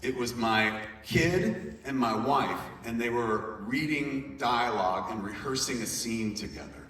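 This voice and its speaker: On a large convention hall stage, a middle-aged man, a guest at a Q&A panel, tells a profane comic anecdote with animated storytelling. His voice is medium-pitched and unhurried. It sounds far off in the echoey hall, with crowd noise from the audience.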